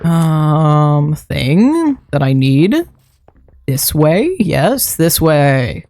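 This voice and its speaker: A man's voice: on the high side, sing-song, a little slow, darkish tone, no room sound. A man livestreaming a game, chatting and muttering his thoughts aloud as he plays. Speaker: streamer. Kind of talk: live game-stream commentary. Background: faint background music.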